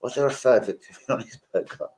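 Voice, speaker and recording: On a casual live stream, a young man tells crude, swear-filled stories in an animated way. His mid-range voice is fast, and the audio is poor.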